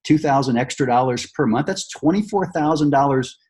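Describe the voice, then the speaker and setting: A man with a slightly husky voice leads a sales training session. He switches between coaching his team and acting out a pitch to a customer. His delivery is upbeat and encouraging, full of fillers and restarts. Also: fairly quick, darkish tone.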